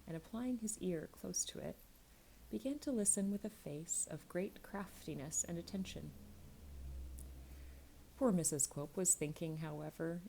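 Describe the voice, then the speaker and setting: A woman reads a classic novel aloud as a soothing bedtime story. Her voice sits low with a gravelly fry, and the tone is dark and mellow. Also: a little hiss or hum, rough recording. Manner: slow, soothing reading. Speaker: narrator. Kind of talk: calm bedtime story reading.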